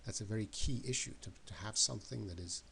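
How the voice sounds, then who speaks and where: Gravelly low-voiced man giving a pep talk. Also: quick pace, fairly bright tone, slight background noise. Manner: emphatic, repeats words and questions for effect. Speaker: motivational speaker. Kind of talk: motivational talk to camera.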